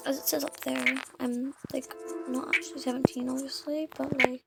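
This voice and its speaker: A woman's voice: sits high, little pitch movement, moderate pace, vocal fry, low-quality recording. A British woman with a sore throat, narrating a game roleplay casually and rambling with many fillers. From United Kingdom. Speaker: roleplay gamer. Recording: loud background music.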